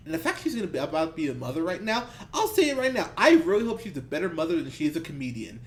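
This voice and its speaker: A man's voice: sits high, wildly swooping pitch, quick pace, slight background noise. A man co-hosting a movie podcast, ranting heatedly and profanely about bad films with bursts of laughter. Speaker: podcast co-host. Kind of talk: ranty movie review chat.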